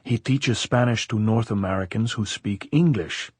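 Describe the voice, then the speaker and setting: A man's voice: fairly low pitch, normal speed, slightly rough, no echo. A man reading a scornful, fierce woman guerrilla leader. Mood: exasperated. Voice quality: scolding, blunt.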